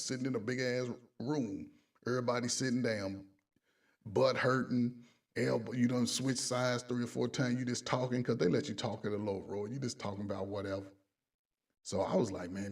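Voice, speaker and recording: A man's voice: medium pitch, creaky, breathy edge, recorded from a distance. A man, a coach, casually telling profane stories, laughing along and quoting other people in his own voice. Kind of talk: casual storytelling.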